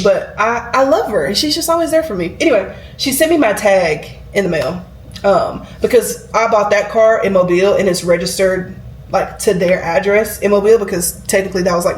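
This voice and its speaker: A chatty woman in her 20s rambles to her camera, leaning heavily on "like" as a filler. She speaks at a medium pitch, and the roomy-sounding recording carries a little hiss or hum.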